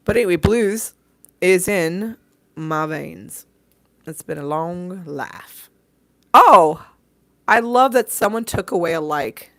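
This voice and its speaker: A hoarse woman hosting a livestream, talking casually and playfully, swearing freely and sending her viewers love as she signs off. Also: fairly low pitch, expressive, takes it slowly, long pauses, fairly bright tone, no echo, rough recording. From southern California. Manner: chatty, swearing, playful and affectionate. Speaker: livestream host. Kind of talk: casual livestream sign-off chat. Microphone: desk microphone.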